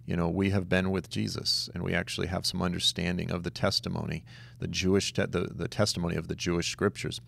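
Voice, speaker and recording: A man teaching a conversational Bible study, telling stories in an animated, emphatic way with casual asides. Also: sits low, fast, gravelly.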